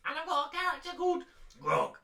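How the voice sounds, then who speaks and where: Guy describing his gnome wizard, really bright lively voice, sounds far off in an echoey room. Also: very high voice, fast talker. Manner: lively, playful, jumps into silly voices. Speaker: player. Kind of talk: casual chat.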